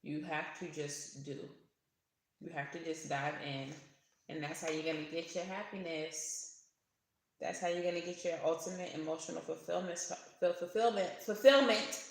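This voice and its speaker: Gravelly, chatty tarot reader in an echoey room. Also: mid-range voice, steady tone, moderate pace. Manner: chatty, laughs often, swears casually. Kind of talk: casual tarot reading to camera.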